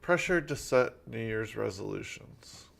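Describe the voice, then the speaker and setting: A tired man co-hosting a casual chat, reading out poll results in a sleepy-sounding, gravelly voice. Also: fairly low pitch, lively intonation, unhurried, fairly bright tone.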